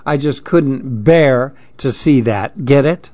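A man voicing a gentle, pun-making father in a storybook reading. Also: mid-range voice, slow pace, lightly acted. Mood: earnest. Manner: gentle, punning. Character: joking dad who makes puns. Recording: dull lo-fi dry recording.

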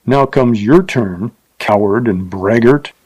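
A man's voice: mid-range voice, slow, darkish tone, slightly rough. A man voicing a fierce, boastful frontier gunman who talks in a blustering, derisive way. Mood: threatening. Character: Wild Bill, fierce boastful male gunman.

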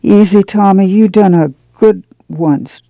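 A woman radio reader voicing a steadfast, soothing farm mother with a gravelly rural drawl. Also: medium pitch, unhurried, mellow, dry recording, lightly acted.

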